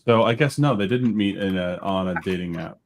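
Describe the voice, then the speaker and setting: A man's voice: low-pitched, a little fast, creaky, slight background noise. A man in a casual online film discussion over a video call, easygoing and joking.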